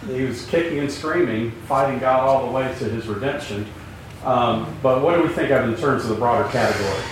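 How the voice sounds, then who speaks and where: A man teaching a Bible class in a relaxed, conversational way, with many fillers and jokes, asking the students questions. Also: medium pitch, a little fast, background noise. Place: room with class present. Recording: very echoey room, mic at a distance.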